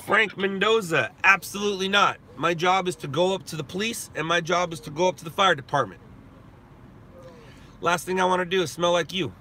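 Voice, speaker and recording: A man from Southern California, streaming live and chatting with viewers, talking slowly and carefully. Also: high-pitched, bright, forceful tone, slight background noise. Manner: slow, deliberate talk, reads and answers viewer chat. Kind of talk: casual live stream chat.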